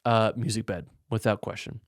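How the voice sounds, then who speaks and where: Young man, podcast host, gravelly fry, dry close mic, casual Q&A, frank. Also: fairly even intonation, normal speed, no room sound. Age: young adult. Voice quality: gravelly low voice. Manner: laid-back, frank, self-deprecating. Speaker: podcast host answering listener questions. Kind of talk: casual Q&A chat.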